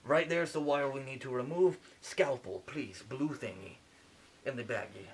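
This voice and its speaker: A man's voice: mid-range voice, moderate pace, slightly rough. A man putting on a French accent, playing a mock surgeon and giving fussy, playful step-by-step instructions. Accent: put-on French accent. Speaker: mock surgeon fixing a computer. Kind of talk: joking home repair video.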